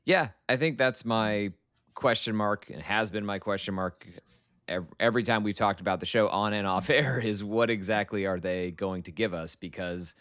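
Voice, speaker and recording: Male guest, low and smooth, close and dry, talks in thought-out arguments. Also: normal speed, a bit bright, dry recording. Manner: analytical, opinionated, builds arguments. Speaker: podcast guest. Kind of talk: casual podcast chat.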